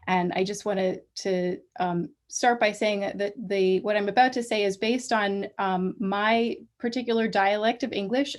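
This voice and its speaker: A woman giving an academic colloquium talk over a video call, measured and full of small restarts. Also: medium pitch. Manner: measured, many ums and restarts. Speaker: guest lecturer.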